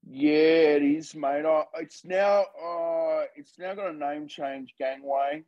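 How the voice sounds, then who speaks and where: A man, a filmmaker guest, chatting casually and telling animated stories in an interview. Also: on the high side, takes it slowly, lo-fi sound.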